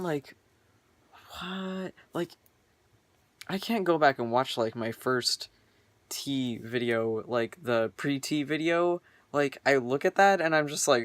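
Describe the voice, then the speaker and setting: A man's voice: mid-range voice, lively intonation, slow, a bit bright, no room sound. A young man vlogging casually from his bedroom, rambling earnestly with lots of filler words. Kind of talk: casual personal vlog.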